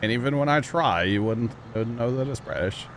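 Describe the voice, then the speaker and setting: A man's voice: mid-range voice, animated, a little fast, slight background noise. A man livestreaming, chatting casually and rambling easygoingly to his viewers. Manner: rambling and easygoing, talks straight to chat. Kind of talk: casual chat to a livestream audience.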